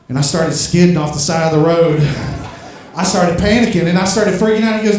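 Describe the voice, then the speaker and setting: High-voiced man doing stand-up, echoey club. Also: steady tone, fast, slight background noise. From Louisiana. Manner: rambling, builds into shouted rants. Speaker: stand-up comedian. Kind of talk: stand-up comedy set. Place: comedy club stage. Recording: echoey club from far off mic.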